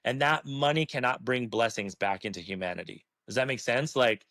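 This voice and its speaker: A man's voice: mid-range voice, a little fast, vocal fry, sharp tone, no room sound. A man talking as an interview guest, earnest and emphatic, swearing freely as he makes his case. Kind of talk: passionate casual talk.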